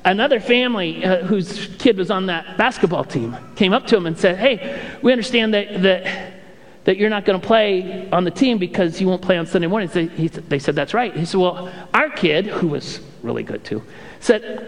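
High-voiced animated pastor in an echoey hall. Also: male voice, normal speed. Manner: animated storytelling with playful impressions. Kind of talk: sermon.

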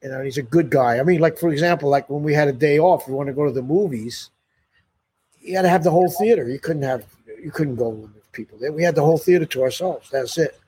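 An older musician telling stories in a casual interview, rambling with many "you know"s and restarts and laughing often. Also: male voice, fairly high pitch, fast talker, dark tone, breathy edge. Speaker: musician guest.

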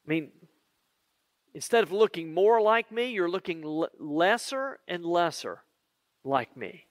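A man preaching a sermon in an earnest, conversational way, with drawn-out pauses. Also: high voice, animated, dry recording, clean studio sound.

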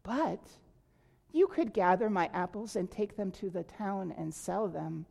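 A woman reading aloud and voicing a gentle, giving female apple tree in a tender, slow storybook manner. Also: medium pitch, lively intonation, creaky. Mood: kind.

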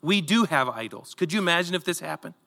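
Animated high-voiced preacher, echoing hall. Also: male voice, quick pace, creaky. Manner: animated storytelling, acts out voices. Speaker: pastor. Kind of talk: sermon.

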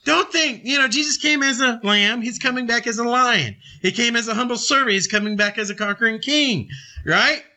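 High, sharp-voiced male preacher. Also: normal speed. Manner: emphatic and conversational, reads scripture aloud. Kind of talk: sermon.

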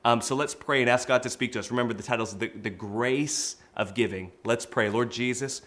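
A man in his forties preaching a sermon in church, telling stories with energy and bursts of loud exclamation. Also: medium pitch, a little fast. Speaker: pastor.

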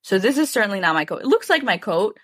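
A woman's voice: medium pitch, sing-song, fast, fairly bright tone, slightly rough, no echo. A woman co-hosting a podcast, telling a rambling story with dry, self-mocking humor in a casual chat. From Chicago. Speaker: podcast co-host.

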